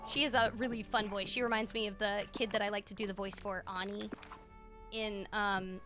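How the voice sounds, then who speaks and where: A woman streaming a video game, chatting candidly with viewers in a casual, animated way. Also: mid-range voice, normal speed, faint music behind. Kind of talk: casual gaming livestream chat.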